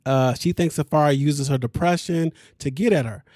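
Slangy animated man recapping a show. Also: on the high side, moderate pace, no echo, clean studio sound. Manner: animated, laughs often, slangy. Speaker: podcast recap host. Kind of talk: casual show recap chat.

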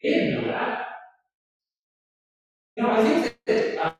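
A man preaching a sermon as pastor, talking conversationally with rhetorical questions and asides. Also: takes it slowly. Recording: echoey hall from far off.

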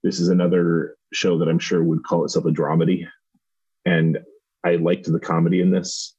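A man's voice: low voice, flat delivery, normal speed, darkish tone, husky, dull audio. A man from Southern Indiana co-hosting a podcast, reviewing a show in casual chat and hedging with many restarts. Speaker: podcast co-host.

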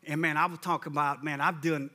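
A male preacher with a high, bright, ringing voice delivers a sermon. He talks in a loose, conversational way, repeating himself often, and presses his listeners with fervent exhortations. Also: fairly even intonation, fast. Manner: conversational storytelling with frequent repetitions.

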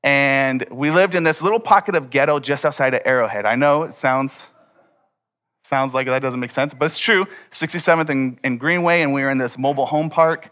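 A man preaching a sermon, telling a personal story and acting out the dialogue with lively energy. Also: medium pitch, a little fast. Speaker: pastor.

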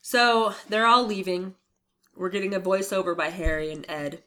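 A woman's voice: mid-range voice, steady tone, moderate pace, bright, forceful tone. A woman co-hosting a podcast, casually recapping a TV episode with rambling asides and laughs. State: coughing. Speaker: podcast co-host.

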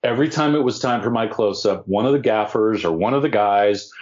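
A man, an actor, telling animated anecdotes as an interview guest and laughing now and then as he talks. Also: lowish voice, fairly quick, lo-fi sound. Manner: animated storyteller, laughs mid-story.

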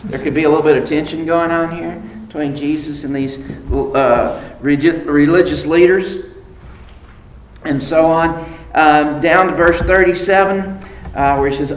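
A man teaching a Bible class, reading scripture aloud and explaining it in a halting way, with many fillers and restarts. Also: a little high. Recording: echoey room with faint background noise.

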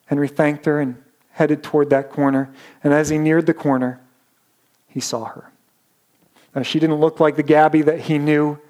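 Slightly high-voiced male preacher. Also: level tone, a little mellow. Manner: dramatic storytelling with slowed emphasis. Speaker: pastor. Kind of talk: sermon storytelling.

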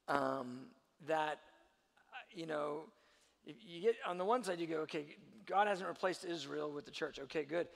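A man delivers a sermon with a gravelly edge, his pitch sitting a touch high. He moves between quiet explaining and loud, emphatic preaching. His voice rings in the long reverb of a hall. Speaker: pastor.

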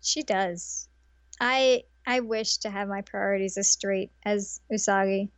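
A woman co-hosting a casual chat, retelling a show in a giggly, sarcastic, animated way. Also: medium pitch, a little slow, no room sound. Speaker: podcast co-host.

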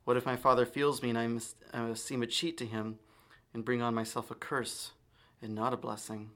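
A man's voice: mid-range voice, little pitch movement, normal speed, a bit bright, lightly acted. A man voicing an anxious younger son, hesitant. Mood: worried.

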